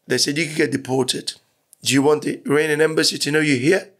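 A man's voice: on the high side, fairly even intonation, fast, a bit bright. A middle-aged man from Iran, a podcast guest telling his story candidly, with rambling talk and frequent swearing. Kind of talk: casual storytelling interview.

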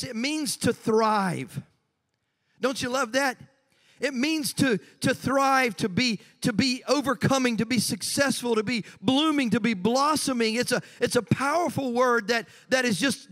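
A woman's voice: on the high side, fairly bright tone, big-room sound. A woman pastor preaching a sermon in a church sanctuary, conversational, with joking asides to the congregation.

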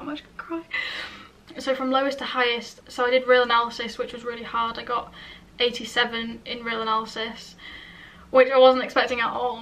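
A young woman talks straight to camera in a casual vlog, emotional and gushing. Her voice sits a little high and sounds very bright. She is a bit back from the mic, with a faint hum of room noise behind her. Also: recorded from a distance. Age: young adult. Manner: emotional, gushing, repeats "literally". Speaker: vlogger. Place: upstairs room at home.

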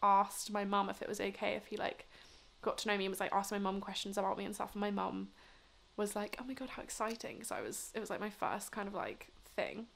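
A woman's voice: medium pitch, quick pace, gravelly, a bit bright. A woman in her twenties chatting casually to camera in a rambling, chatty way. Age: 20s. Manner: rambling, lots of fillers. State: drunk and tired late at night. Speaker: vlogger.

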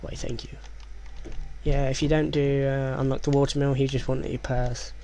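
Man, let's play commentator, gravelly, kept quiet, faint hiss behind. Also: flat delivery, fairly quick. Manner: hushed, keeps voice low; rambling, reads game text aloud.

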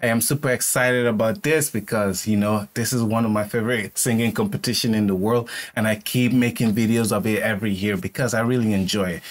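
A man's voice: fairly low pitch, fairly even intonation, a little fast, few pauses. A young man hosting a reaction video, giving blunt, apologetic commentary and often repeating himself.

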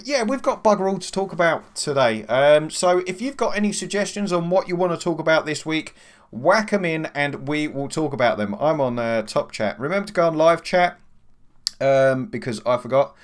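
A man chats casually through a live stream, dropping swear words and greeting viewers one by one. His voice sits a bit higher than most men's and comes across smooth and clear on a desk mic at home. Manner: swears a lot, greets chat by name. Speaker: livestream host. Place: home room at a computer. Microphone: desk USB microphone.

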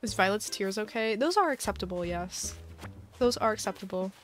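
A woman's voice: medium pitch, lively intonation, normal speed, faint music behind. A young woman hosting a casual live stream while playing a game, giggly and chatty, reading chat aloud. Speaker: livestream host.

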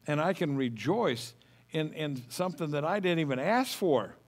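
Folksy pastor preaching, higher voice. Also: male voice, animated, normal speed. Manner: folksy, homespun storytelling with humor. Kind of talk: sermon.

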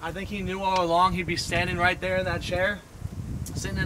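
A man's voice: sits high, little pitch movement, a little fast, background noise. A young man hosting a casual vlog, complaining playfully about sore muscles and a mouth burning from hot sauce. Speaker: YouTuber host.

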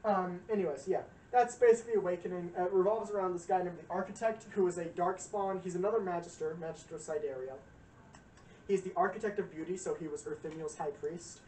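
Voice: mid-range voice, quick pace, warm tone. Young adult streamer, rambling and profane, lots of fillers, roomy echo, distant mic, faint hiss. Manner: profane, rambling, frequent fillers and acted quotes. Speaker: streamer giving a game lore lecture. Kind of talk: casual rambling chat.

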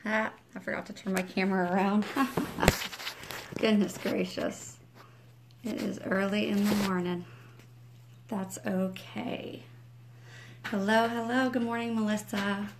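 A woman's voice: mid-range voice, steady tone, slow, creaky, pauses often, slight background noise. A woman leading an early-morning prayer livestream from home on her phone, chatty with viewers and fervent in prayer, her voice cracking slightly. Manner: talking quietly at first. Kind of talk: casual livestream greetings and spoken prayer.

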